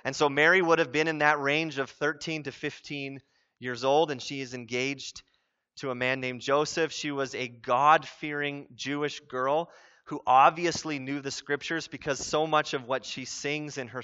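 A man preaching a sermon as pastor, earnest and conversational, with animated asides. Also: medium pitch, normal speed, smooth. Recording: dull lo-fi sound.

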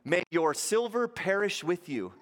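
High-voiced preacher in a reverberant hall. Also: male voice, big pitch swings, measured pace, a bit bright. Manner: rhetorical questions, acts out quotes in shifting voices. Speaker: pastor. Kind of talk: sermon.

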